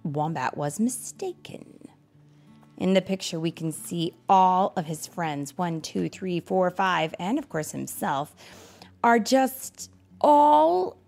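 A woman's voice: on the low side, animated, slow, creaky, darkish tone, soft background music. A woman reading a picture book aloud, expressively and with chatty asides to her listeners. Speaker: storyteller.

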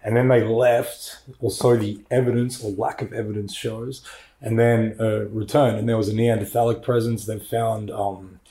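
A man's voice: lowish voice, flat delivery, normal speed, warm tone. A man co-hosting a history podcast, explaining things casually while thinking aloud. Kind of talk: casual chat.

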